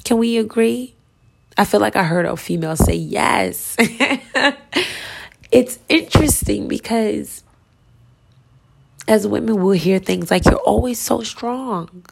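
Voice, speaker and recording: A woman preaching in a slow, deliberate sermon, her low voice heavily gravelly and rough. She urges her listeners intensely and keeps slipping into a hushed whisper. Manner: emphatic, urging. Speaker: spiritual speaker.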